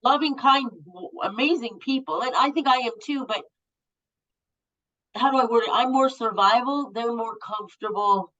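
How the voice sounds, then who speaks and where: A woman's voice: fairly high pitch, normal speed, sharp tone. A woman in her fifties, a guest telling candid stories in a blunt way and swearing freely. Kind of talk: candid storytelling. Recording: muffled lo-fi audio.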